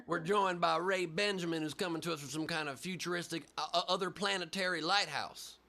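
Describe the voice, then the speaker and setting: A man's voice: fairly high pitch, fairly quick, creaky, pushed and bright. A man hosting a comedy show over a video call, riffing playfully and joking with guests. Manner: playful, riffing, mock voices and jokes. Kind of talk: improvised comedy banter.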